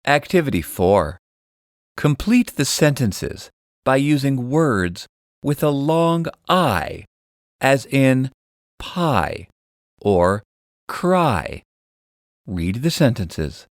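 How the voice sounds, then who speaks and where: A narrator reading a children's story aloud and leading the activities, slow and very expressive. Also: mid-range voice, no room sound, studio quality. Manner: slow, sing-song, very expressive.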